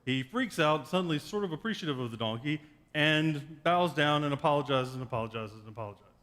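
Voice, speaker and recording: A man's voice: a little high, animated, brisk, fairly bright tone, big-room sound. A man preaching a sermon as pastor, retelling a story in a wry, joking way. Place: church sanctuary.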